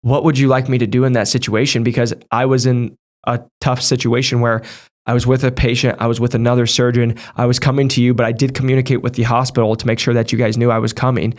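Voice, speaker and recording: A man's voice: medium pitch, flat delivery, fast talker. A man who trains medical device sales reps, giving casual, direct advice to viewers and talking them through situations from his own work. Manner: direct, conversational, talks through past situations.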